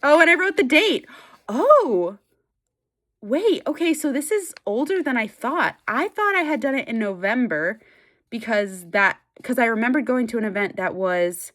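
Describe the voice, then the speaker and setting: A woman's voice: medium pitch, fairly bright tone. A woman vlogger chatting casually to camera, giggly and emotional, tearful at times, with lots of fillers.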